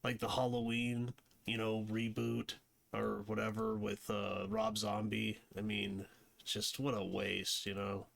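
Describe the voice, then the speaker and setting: A man's voice: on the low side, completely flat delivery, measured pace, creaky, a bit bright. A man hosting a casual movie review, rambling with many fillers and restarts. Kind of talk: casual unscripted commentary.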